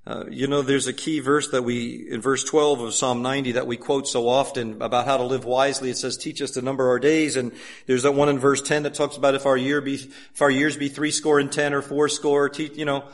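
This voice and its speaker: A man preaching a sermon emphatically, asking many rhetorical questions and swinging from loud urging to hushed asides. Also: mid-range voice, little pitch movement, brisk.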